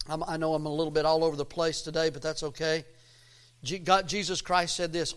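A man with a high-pitched voice preaches a sermon. He builds into loud, emphatic lines, then drops to a low hush. His delivery is folksy and a bit scattered, and he interrupts himself. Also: level tone, moderate pace, long pauses, smooth. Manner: preaching with rising, emphatic swells and quiet drops. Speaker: pastor.

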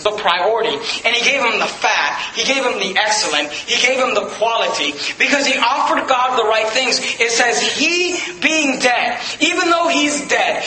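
A man's voice: high-pitched, roomy sound, rough recording. A man preaching a sermon, emphatic and repetitive, pointing his listeners to Bible verses. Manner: emphatic, repeats phrases, directs listeners to verses. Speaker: pastor.

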